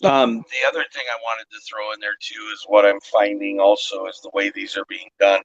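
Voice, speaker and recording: A man's voice: lowish voice, level tone, brisk, lo-fi sound. A man hosting a casual cooking livestream, explaining the rules at length and checking in with "okay?". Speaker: host of a cooking channel event.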